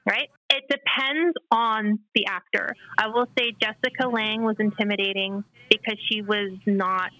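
Bright-voiced woman telling set stories. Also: mid-range voice, steady tone, a little slow, hardly any pauses, poor audio. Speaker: actress and stunt performer guest. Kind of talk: casual interview chat.

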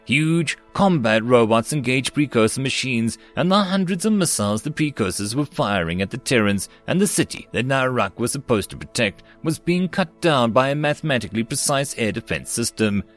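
A man reading a web novel aloud as an audiobook narrator, with steady, even storytelling. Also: medium pitch, normal speed, few pauses, soft background music. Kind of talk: scripted narration.

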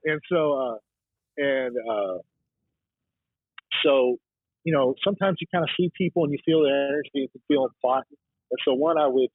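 A husky man's voice coming through a narrow, phone-like line, dry and close. He talks loosely and rambles through his stories as a podcast guest, with plenty of fillers and restarts and the odd swear. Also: mid-range voice, dry recording. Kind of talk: casual storytelling chat.

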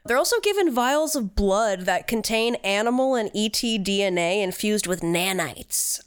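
A woman's voice: mid-range voice, expressive, normal speed, clean tone, dry recording, studio quality. A woman co-hosting a casual podcast, retelling a story with wry sarcasm. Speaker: podcast co-host. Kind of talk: casual chat.

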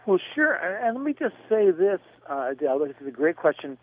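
A man answering a radio caller in a rambling, discursive way, pausing on fillers and spelling out names, heard over a phone line. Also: high-pitched, very animated, no room sound. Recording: tinny phone line, dry.

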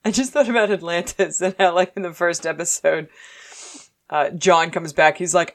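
A woman with a notably low voice talks through a TV episode with a friend. She is playful, keeps slipping into quick little character voices and laughs easily. The talk is relaxed and conversational. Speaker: podcast co-host. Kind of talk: casual chat recapping a TV episode.

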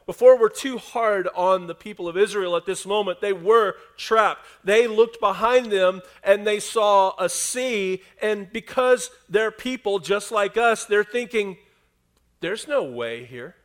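A man preaching a sermon to a live congregation, swinging from loud emphatic lines to hushed near-whispers and asking the listeners rhetorical questions. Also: high-pitched, fairly even intonation, unhurried, few pauses. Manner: asks the audience rhetorical questions. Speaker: pastor. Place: speaking to a live congregation in a room.

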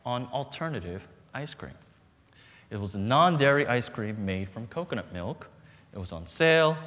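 A man's voice: mid-range voice, fairly bright tone. Preaching man in a reverberant hall. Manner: storytelling with humor and dramatic pauses. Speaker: pastor. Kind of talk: sermon. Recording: long reverb in a large hall.

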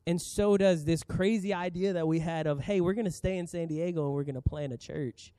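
A man in his thirties preaching a sermon as pastor, earnest and emphatic with dramatic pauses. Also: a little high, warm tone, dry recording.

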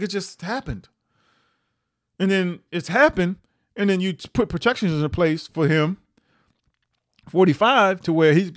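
A man hosting a podcast, giving opinionated year-end commentary with emphatic delivery and sudden high rises on stressed points. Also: fairly bright tone, no room sound, clean studio sound. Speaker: podcast host.

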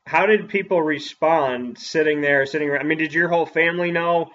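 A man who is a sports broadcaster, reading an upbeat ad spot and then asking quick interview questions. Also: fairly high pitch, a bit bright, dull audio.

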